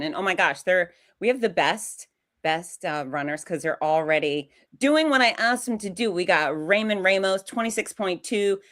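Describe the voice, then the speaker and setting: A woman's voice: medium pitch, expressive, moderate pace, a bit bright. A woman race announcer co-hosting a livestream, bubbly and jokey. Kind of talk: livestream co-host chat.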